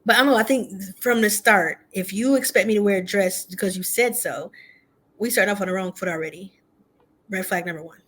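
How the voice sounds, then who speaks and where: Woman co-host, casual dating talk, candid and chatty, average pitch. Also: fairly quick. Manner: candid, chatty, frequent fillers and laughs. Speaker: podcast co-host. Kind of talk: casual chat.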